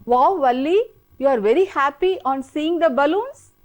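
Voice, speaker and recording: A woman teacher with an Indian English accent, slowly drilling children through an English lesson with repeated prompts. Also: high voice, expressive, a little mellow, low-quality recording. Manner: slow, repetitive, coaxing drill-style prompting. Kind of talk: televised classroom English lesson.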